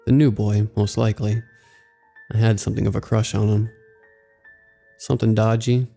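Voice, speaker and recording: A man narrating a scripted horror story in a slow, measured way. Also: lowish voice, flat delivery, vocal fry, warm tone. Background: faint background music.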